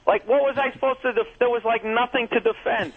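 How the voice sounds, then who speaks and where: A man's voice: very high voice, fairly even intonation, fairly quick. A man comedian ranting profanely and defensively in a heated on-air argument, heard over a tinny phone line. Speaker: comedian guest.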